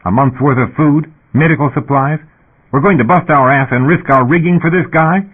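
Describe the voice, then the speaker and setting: A man voicing an angry, argumentative male miner who is loud and short of breath. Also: fairly high pitch, moderate pace, slightly rough, pitched above the performer's own voice. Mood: heated, insistent. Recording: tinny phone-like audio.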